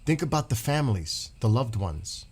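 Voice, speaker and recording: A man's voice: mid-range voice, very animated, normal speed, darkish tone, husky. A middle-aged American man, chatting casually and earnestly with live viewers, rambling and repeating himself. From United States. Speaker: live stream host.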